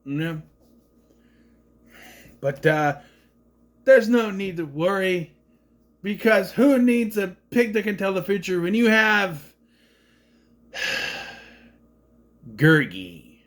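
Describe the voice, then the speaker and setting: A man in his thirties giving a rambling, sarcastic review of an animated film in a casual monologue. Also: high voice, takes it slowly, pauses often. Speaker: movie reviewer.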